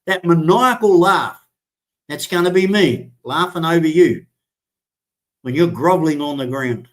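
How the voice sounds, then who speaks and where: A man's voice: fairly high pitch, expressive, unhurried. A man hosting a live stream, ranting in a threatening, profane and emphatic way.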